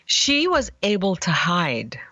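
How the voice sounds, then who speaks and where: A woman who works as an image therapist, telling stories in an animated way in a conversation. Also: mid-range voice, takes it slowly, dry recording, highs cut off. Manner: animated storyteller, acts out quoted voices. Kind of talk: conversational interview storytelling.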